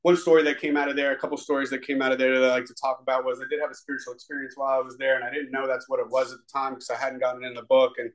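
A man's voice: mid-range voice, flat delivery, racing, hardly any pauses, poor audio. A man telling his recovery story to a live audience in a room, rambling and heartfelt, with many restarts. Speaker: speaker sharing a recovery story. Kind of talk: personal testimony to a live audience.

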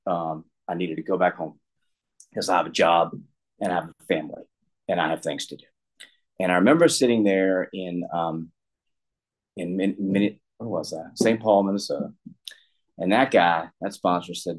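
Man, deep voice, middle-aged, candid storyteller, rambling, self-deprecating, restarts sentences. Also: normal speed, long pauses, rough recording. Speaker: guest sharing recovery story.

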